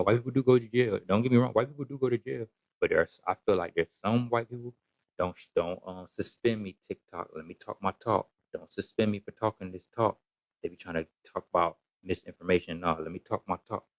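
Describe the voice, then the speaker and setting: A man's voice: deep voice, dry recording, rough recording. A man ranting casually to camera in a rambling, repetitive, emphatic way. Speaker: social media commentator.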